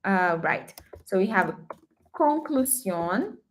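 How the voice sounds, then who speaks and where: A woman whose first language is Brazilian Portuguese, teaching a live-streamed language lesson, repeating example words slowly and checking in with her viewers often. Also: mid-range voice, big pitch swings, slight background noise.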